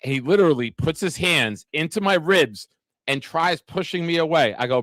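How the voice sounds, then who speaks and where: A man's voice: fairly high pitch, expressive, normal speed, fairly bright tone, dry recording. A man hosting a casual sports talk show, telling brash, joking stories with a lot of swearing. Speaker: podcast host.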